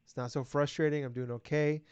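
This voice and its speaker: A man co-hosting a podcast, chatting casually and breaking into profane, animated rants. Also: fairly high pitch, a little fast, smooth, dry recording. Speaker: podcast co-host. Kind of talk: casual chat. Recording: dull lo-fi recording.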